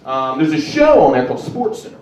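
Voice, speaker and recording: A man's voice: a little high, very animated, brisk. A man from South Carolina with a Southern accent doing a chatty, self-deprecating stand-up comedy set on a club stage. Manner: chatty, self-deprecating, bursts into loud announcer voices. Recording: echoey club from a distant camera.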